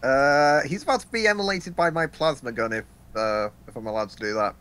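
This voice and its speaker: Man, tabletop player, joking, excitable, mid-range voice. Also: medium pitch, brisk, clean tone. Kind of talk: casual tabletop play.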